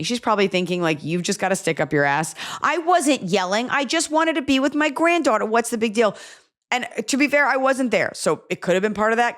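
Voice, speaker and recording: A woman hosting an advice podcast, chatting casually and bluntly, acting out the people she talks about. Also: fairly low pitch. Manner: blunt, animated, acts out quoted voices. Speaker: podcast host giving advice.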